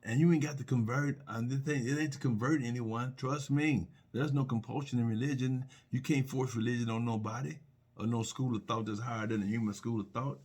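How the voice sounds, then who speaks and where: Husky middle-aged man, earnest and preachy, personal reflection, mid pitch. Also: fairly even intonation, a little fast, a little mellow. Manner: earnest, repetitive, preachy with restarts and rhetorical questions. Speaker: speaker sharing personal faith reflections.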